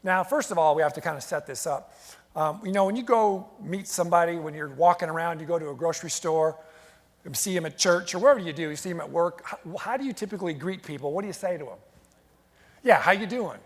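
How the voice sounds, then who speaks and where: A man giving a lively motivational keynote to a live audience, telling stories and drawing the crowd into call-and-response. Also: fairly high pitch, quick pace. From United States. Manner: energetic, storytelling, engages the crowd with call-and-response. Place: large event hall with audience. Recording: long hall reverb. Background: audience responding and laughing.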